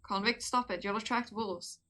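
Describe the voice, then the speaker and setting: A woman's voice: mid-range voice, normal speed, sharp tone. A woman voicing an irritated young male guard who snaps at a prisoner. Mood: exasperated. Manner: exasperated, snapping.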